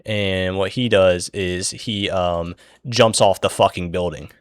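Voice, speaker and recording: Young man, slow low drawl, profane rambling storyteller, dry close mic. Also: fairly even intonation, no echo. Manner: rambling, profane, loses his place. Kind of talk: casual plot retelling while drawing.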